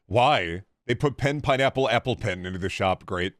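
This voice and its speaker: A man's voice: lowish voice, animated, moderate pace, no room sound, studio quality. A man streaming himself playing a game, giving casual, crude and joking commentary that rambles from thought to thought.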